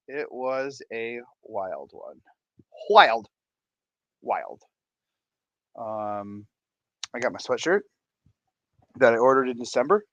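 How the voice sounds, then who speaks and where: A man's voice: mid-range voice, fairly bright tone, no echo, muffled recording. A man hosting an aquarium channel, chatting to camera in a playful, jokey way, with showman hype and frequent laughs. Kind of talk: casual chat to camera.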